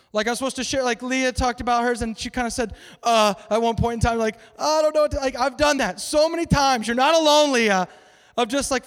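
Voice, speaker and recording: A man's voice: very high-pitched, a bit bright. A man giving a casual, joking sermon to an audience, asking many rhetorical questions in a conversational way. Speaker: preacher. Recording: long reverb in a large hall.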